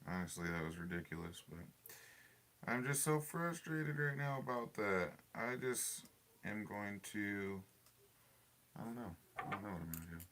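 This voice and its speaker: A man's voice: fairly low pitch, expressive, moderate pace, fairly bright tone. A man hosting a hobby live stream, chatting casually with viewers and muttering about his frustration while he works on a model truck. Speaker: RC hobby livestream host.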